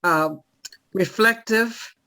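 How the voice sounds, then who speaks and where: A woman's voice: a little high, drawn-out words, pushed and bright, rough recording. Chatty woman host on a video call. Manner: chatty, with many fillers. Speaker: podcast host. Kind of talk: casual group discussion.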